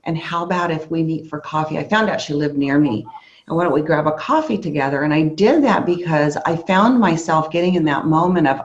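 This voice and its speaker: Lively woman giving a sales training talk. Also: sits low, a little fast, dull audio. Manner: storytelling, acts out lively quoted dialogue. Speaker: training speaker.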